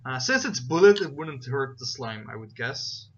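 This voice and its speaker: A man narrating a tabletop game as game master, his voice bright and forward. He rambles with plenty of fillers and stops to check the rules aloud. The recording sounds dull and lo-fi, with a faint hiss behind him. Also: medium pitch, big pitch swings, moderate pace. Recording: dull, lo-fi voice chat with faint noise.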